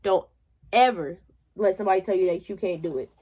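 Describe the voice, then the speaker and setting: A woman's voice: medium pitch, a little fast, warm tone. A young woman vlogger telling a motivational story in a chatty, colloquial way.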